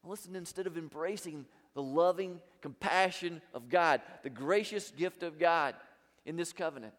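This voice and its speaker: A man preaching a sermon as pastor, emphatic, with big swings between loud and quiet. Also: a little high, moderate pace, big-room sound.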